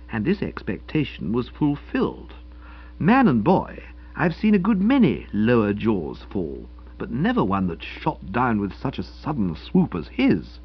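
A man's voice: fairly low pitch, breathy edge, highs cut off. A man narrating a comic novel with wry, mock-dignified storytelling. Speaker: audiobook narrator.

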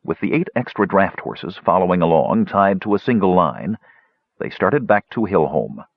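A man narrating a fantasy audiobook in a steady, expressive way. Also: low voice, normal speed, husky, no room sound. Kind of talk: scripted narration. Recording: dull lo-fi recording.

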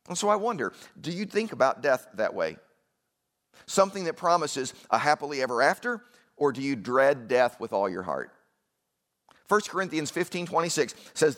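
A man's voice: medium pitch, fairly bright tone. A man preaching a sermon in a conversational way, with asides and questions to the congregation. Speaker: pastor.

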